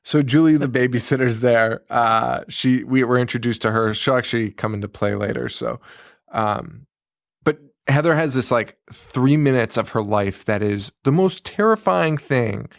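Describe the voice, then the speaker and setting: A man's voice: medium pitch, normal speed, vocal fry, no echo, studio quality. A man co-hosting a podcast, casually recapping a horror film with lots of swearing and acted-out quotes. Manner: profane, animated retelling with acted-out quotes. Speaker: podcast co-host. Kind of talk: casual movie recap chat.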